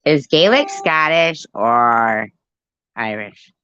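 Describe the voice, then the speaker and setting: A woman's voice: extremely low pitch, expressive, slow, sharp tone, slight background noise. A middle-aged woman giving casual reaction commentary in a profane, joking, rambling way. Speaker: video commentator. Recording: dull lo-fi sound.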